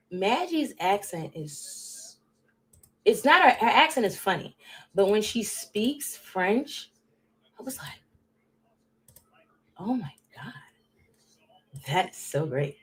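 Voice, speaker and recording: Casual woman livestreamer, rambling and talkative, addressing chat directly, volume jumping between bursts and mutters. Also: mid-range voice. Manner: rambling, chatty, talks straight to chat viewers; drifts between loud bursts and muttered asides. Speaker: livestream host.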